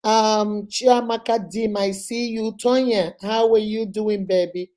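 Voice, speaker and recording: A woman's voice: medium pitch, steady tone, unhurried, dark tone. Chatty Nigerian woman greeting live viewers. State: voice going hoarse with a cold. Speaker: live-stream host. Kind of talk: casual live-stream chat.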